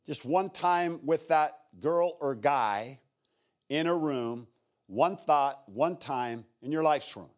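An American man preaching a sermon as a guest pastor, his voice swinging widely in lively rises and falls. He sits a little high for a man and moves from shouted retellings to hushed prayer. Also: slow.

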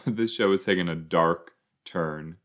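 A man casually commenting while he watches a show, chatty and quick to exclaim or laugh. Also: low voice. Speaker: reaction video host.

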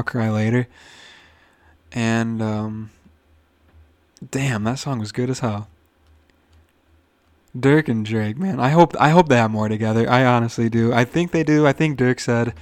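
A man's voice: mid-range voice, darkish tone, no echo. A young man hosting a casual solo podcast, rambling with frequent swearing and restarts, a little nervous. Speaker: podcast host.

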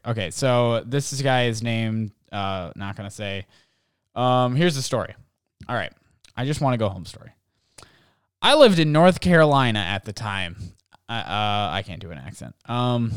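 A man's voice: lowish voice, clear, resonant tone, no room sound, clean studio sound. A young man hosting a podcast, rambling casually with lots of fillers and restarts as he reads listener stories. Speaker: podcast host. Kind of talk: casual comedic monologue, reading listener stories.

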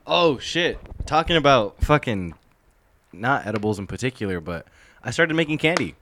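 A man's voice: mid-range voice, very animated, normal speed, background noise. A young man co-hosting a casual podcast, talking in a laid-back, slangy way. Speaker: podcast co-host. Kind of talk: casual chat.

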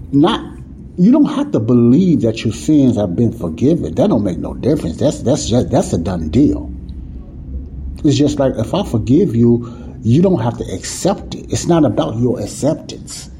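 A man's voice: mid-range voice, big pitch swings, measured pace, dark tone, a little hiss or hum. A man teaching the Bible in a sermon, talking informally and often checking "you see what I'm saying?". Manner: informal, nonstandard grammar.

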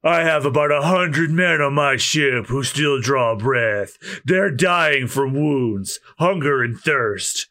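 A man voicing a menacing pirate captain in a gruff action-hero growl, during a dramatic manga read-aloud. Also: medium pitch, expressive, slow pace, few pauses, pushed and bright. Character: menacing gravel-voiced male pirate captain.

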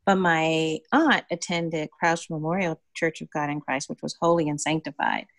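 A middle-aged woman tells a personal story in an easy conversational way. Her voice sits slightly low, and she livens it up by acting out the other people as she quotes them. The recording is close and dry. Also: moderate pace, no room sound. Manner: animated storyteller, acts out voices in dialogue. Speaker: community developer and guest.

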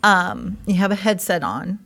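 A woman's voice: mid-range voice, animated, unhurried, vocal fry, fairly bright tone. Chatty, giggly woman from Iowa. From Iowa, United States. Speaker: co-host telling how the couple met. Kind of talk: casual chat.

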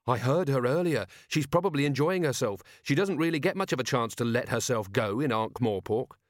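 A man voicing an earnest, polite young male guard captain in a storybook reading, who talks in a loud whisper. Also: mid-range voice, lively intonation, brisk, dry recording, clean studio sound, natural voice. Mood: cheerful.

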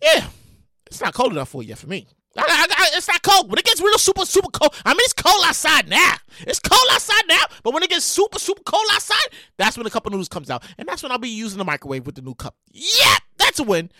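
A woman hosting a comedic news podcast, talking in a loud, exasperated and animated way, swearing and repeating herself. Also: sits high, fast talker, no echo. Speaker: podcast host.

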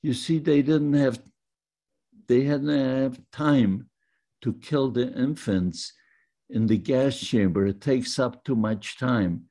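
An older man from Poland, slowly recounting his own life story in a plain, halting manner. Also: medium pitch, warm tone. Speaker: Holocaust survivor. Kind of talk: testimony storytelling.

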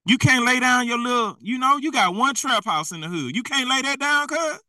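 A man's voice: very high voice, lively intonation, fairly quick, pushed and bright, no room sound, distant mic, poor audio. A man preaching in a blunt, slangy, exhorting way, often laughing at himself. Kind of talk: fiery street-style preaching.

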